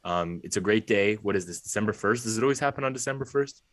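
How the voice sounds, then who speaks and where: Young male podcast co-host, low voice, dry sound, laid-back and joking. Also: fast talker, no echo. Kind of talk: casual sports chat.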